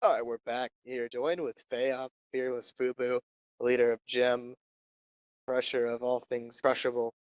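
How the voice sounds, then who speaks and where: A man's voice: mid-range voice, flat delivery, measured pace, no echo, highs cut off. A young man hosting as an esports caster, interviewing a player casually with teasing jokes. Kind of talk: casual post-match interview.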